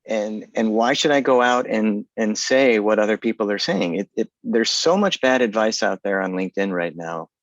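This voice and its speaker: Earnest low-voiced man on a dull call. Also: moderate pace, hardly any pauses, dry recording. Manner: earnest, articulate, lots of restarts. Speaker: guest speaker. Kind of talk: casual virtual talk.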